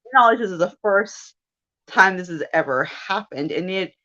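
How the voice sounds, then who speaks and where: A woman's voice: medium pitch, normal speed, lo-fi sound. Chatty woman telling a strange story. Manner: chatty and animated, with laughs and self-quotes. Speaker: guest. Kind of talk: casual storytelling chat.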